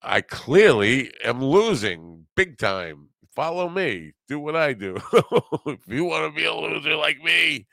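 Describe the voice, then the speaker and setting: A man's voice: lowish voice, a little fast, hardly any pauses, a bit bright, no echo, voice pushed up. A man mockingly voicing a boastful male gambler who keeps losing, laughing through it.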